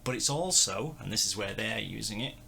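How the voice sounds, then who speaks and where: Guy rambling thru a band review, gravelly low-ish voice but kinda bright, laughs at himself. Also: lively intonation, fairly quick, a little hiss or hum. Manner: rambling, self-deprecating, chuckling. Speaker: host. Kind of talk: casual music review chat.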